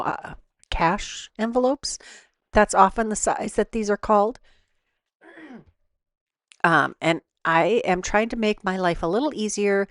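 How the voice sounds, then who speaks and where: A woman hosting a card-making tutorial, explaining each step in a relaxed way with small fillers. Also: fairly low pitch, no room sound, studio quality. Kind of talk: voice-over craft tutorial.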